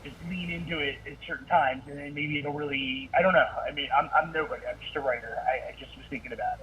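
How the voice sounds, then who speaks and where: A man calling in to offer advice, hedging every point with fillers and putting himself down. His voice sits somewhat high and comes through a distant phone line. A faint hiss of noise lies under his words. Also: fast talker. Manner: hesitant, filler-heavy, self-deprecating. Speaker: caller, writer. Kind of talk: casual advice on a call.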